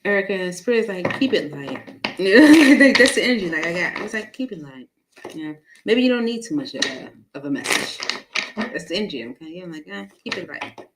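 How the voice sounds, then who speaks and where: A woman's voice: fairly low pitch, very animated, fairly quick, very noisy. Chatty woman giving a tarot reading. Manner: chatty, laughs often, many fillers. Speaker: tarot reader. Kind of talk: casual live tarot reading.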